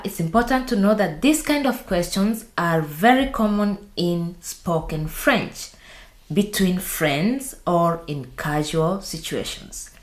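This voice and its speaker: A woman teaching a beginners' language lesson, speaking slowly and repeating each phrase for practice. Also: lowish voice. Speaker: French teacher. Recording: echoey room.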